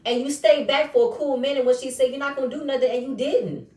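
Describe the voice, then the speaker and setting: A woman recapping a reality show episode in casual, animated commentary, acting out the quoted lines in changing voices. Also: high-pitched, fast talker, far from the mic. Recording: echoey room, voice set back from mic.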